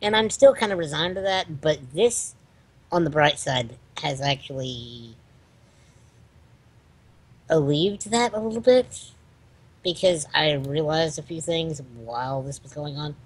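A man's voice: on the high side, animated, unhurried, long pauses, slightly rough. A man co-hosting a casual chat, talking hesitantly with frequent ums while telling a personal story. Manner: hesitant, filler-heavy storytelling. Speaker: podcast co-host.

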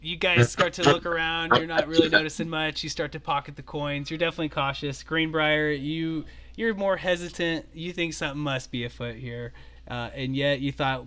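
Brief: somewhat higher-voiced man, casual dungeon master narration. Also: fairly even intonation, normal speed, fairly bright tone. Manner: descriptive, casual with filler asides. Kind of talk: narrating a tabletop game.

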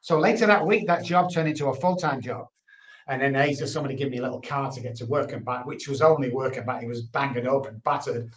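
Speaking fast in a mid-range voice, this English guest recounts his personal testimony with candor. He's an earnest storyteller who keeps repeating points for emphasis, heard in an echoey, roomy recording.

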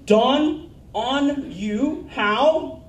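Blunt, emphatic preacher in an echoey church. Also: male voice, very high voice, very slow, distant mic, slight background noise. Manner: blunt, emphatic preaching with asked-for audience answers. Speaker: pastor. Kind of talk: sermon.

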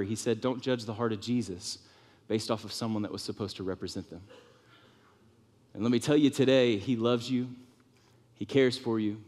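A man preaching a sermon in a church with lively, animated delivery, sometimes softening to a hushed, comforting tone. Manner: animated preaching, drops to soft tones for comfort, rises high for emphasis. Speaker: pastor. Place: church sanctuary. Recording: long reverb of a church hall.

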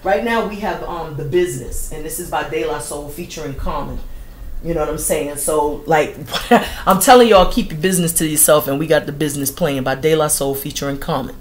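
A woman reads tarot for her viewers in a loose, slangy way. She swears freely and laughs often, and her voice sits a little low for a woman. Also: fairly quick. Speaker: tarot reader. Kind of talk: casual astrology reading monologue.

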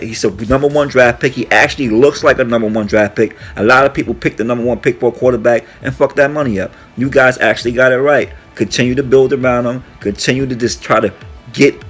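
Male sports talk host, mid voice, casual and foul-mouthed, trash-talking over faint music. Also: mid-range voice. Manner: profane, brash trash talk with shout-outs; hums "mm, mm" between topics. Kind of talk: casual sports commentary monologue.

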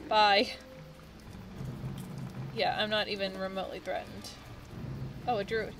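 A woman's voice: medium pitch, little pitch movement, unhurried, long pauses, music in the background. A woman giving casual let's play commentary, chatty and thinking aloud, with the odd swear.

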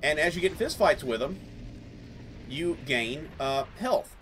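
A man's voice: on the high side, very animated, a little slow, fairly bright tone, slight background noise. A man hosting a gaming channel, rambling through casual let's-play commentary with many fillers. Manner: rambling, lots of fillers and laughs.

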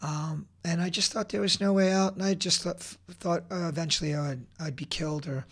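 A man's voice: sits high, fairly even intonation, fairly quick. Intense, blunt-talking man in his forties. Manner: intense, blunt, swears, frequent restarts. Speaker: podcast guest. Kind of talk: emotional personal storytelling.

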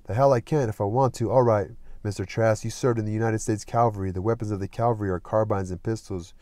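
A man's voice: lowish voice, fairly even intonation, fast talker, dark tone, dry recording, close to an everyday voice. A man voicing a blunt, uneasy small-town deputy who questions pushily and turns stern. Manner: pushy questioning, growing stern.

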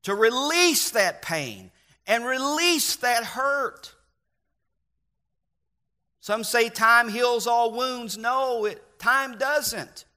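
A man preaching a sermon as pastor, earnest, with slow emphatic stresses and repeated refrains. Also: extremely high pitch, expressive, bright, forceful tone. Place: church.

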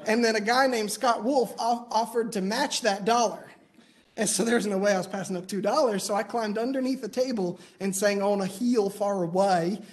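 A man preaching in church, telling personal stories with light humor in a conversational way. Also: sits high. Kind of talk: sermon. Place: church auditorium.

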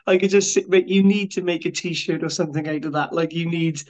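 A man's voice: a little high, fairly even intonation, brisk, a little mellow. A man hosting a podcast, reacting with enthusiastic amusement in casual chat. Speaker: podcast host. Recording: dull lo-fi audio.

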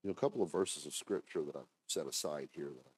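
A man preaching a sermon as pastor, talking conversationally with asides to the congregation and reading scripture slowly and deliberately. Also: rumbling low, a little mellow, slightly rough.

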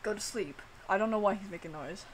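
A woman streamer chatting casually, animated and swearing, filling her talk with "like.". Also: medium pitch, quick pace, noisy background. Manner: animated, swearing, heavy use of "like".

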